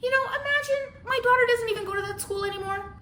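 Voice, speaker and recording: A flustered, gushing aunt who can't stop apologizing, as a woman puts her on. The voice jumps well above the storyteller's own, bright and breathy with sympathy. It rings in a roomy space with a faint hiss beneath. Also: very high voice, quick pace, voice pushed up. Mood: apologetic.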